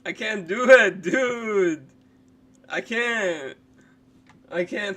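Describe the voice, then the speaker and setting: A man's voice: sits high, animated, extremely slow, long pauses, pushed and bright. A young man streaming live, chatting casually as he reacts to clips, laughing hard and often, swearing freely and rambling loosely.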